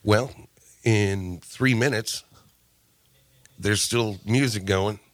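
A man co-hosting a radio show, telling stories in casual banter and mimicking coworkers loudly. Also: lowish voice, extremely slow, dry recording.

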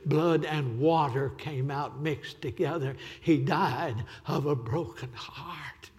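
In a reverberant church sanctuary, a man preaches as a visiting evangelist, his pleas passionate and repetitive. His voice is a little high and darkish in tone, going slowly with few pauses.

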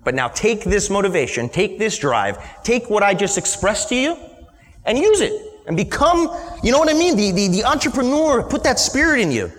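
A man voicing his stern middle-aged father, whose strained voice rises high as he tells his son he is proud. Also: big pitch swings, moderate pace, few pauses. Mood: earnest proud. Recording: long hall reverb from a live event.

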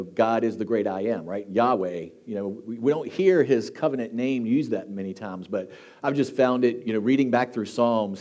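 Casual church preacher, man, mellow warm tone, chatty and joking. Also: lowish voice. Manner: conversational, joking, frequent fillers and restarts. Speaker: teaching team preacher. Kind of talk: casual sermon. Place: church hall with congregation.

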